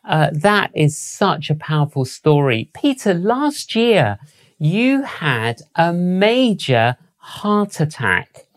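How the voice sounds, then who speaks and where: A man hosting an interview and asking measured, deliberate questions. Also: on the high side, big pitch swings. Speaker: interview host.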